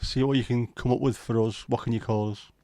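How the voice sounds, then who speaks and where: A man hosts a casual livestream, ribbing his viewers with easygoing, teasing humor. His voice sits at an ordinary middle pitch. The sound is close and dry, with no room echo. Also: fairly even intonation, brisk, dark tone. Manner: joking, teasing banter with viewers. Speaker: livestream host.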